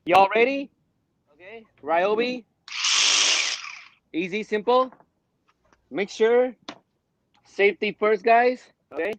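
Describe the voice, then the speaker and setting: Man, high voice, upbeat live-demo patter, distant dull dry webcam sound. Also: animated, slow, long pauses, dry recording. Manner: upbeat, short exclamations. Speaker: guest modder demonstrating cabinet cutting. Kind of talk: live stream demo, calling out to viewers. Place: backyard workshop.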